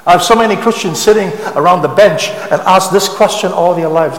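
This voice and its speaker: Man preaching then praying, kinda high voice, lots of hall echo. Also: a little fast, hardly any pauses. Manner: fervent preaching, then softer prayer. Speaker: pastor. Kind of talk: sermon and closing prayer. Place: church hall. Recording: echoey church hall.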